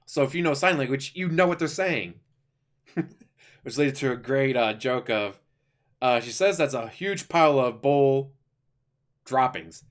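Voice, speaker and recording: A man giving a casual, rambling review of an animated series, enthusiastic, with lots of fillers and restarts. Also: mid-range voice, unhurried, pauses often. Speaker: YouTuber reviewing an animated show.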